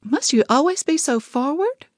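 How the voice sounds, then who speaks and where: A woman voicing an impatient, spirited petite young woman who speaks high and indignant. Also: big pitch swings, normal speed, dry recording, studio quality.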